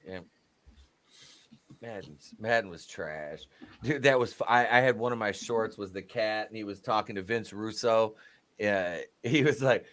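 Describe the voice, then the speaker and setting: Man, podcast co-host, casual chat, animated, laughs a lot, acts out quotes. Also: on the low side, measured pace.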